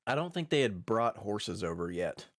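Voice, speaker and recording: A man with a very lively, swooping voice who argues and acts out little scenes as he chats with friends. His voice sits at a middle pitch, recorded dry and close. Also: normal speed, no echo. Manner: argumentative, animated storyteller. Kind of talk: casual chat.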